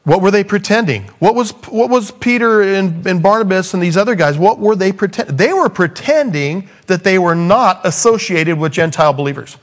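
A man preaching a sermon, acting out the scripture quotes and rising up in pitch for emphasis, then dropping low on key points. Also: expressive, moderate pace, hardly any pauses.

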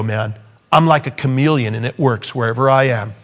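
Animated male preacher acting out scripture. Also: brisk. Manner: animated, acts out quotes, swings pitch up for emphasis, drops low on key points. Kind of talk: sermon.

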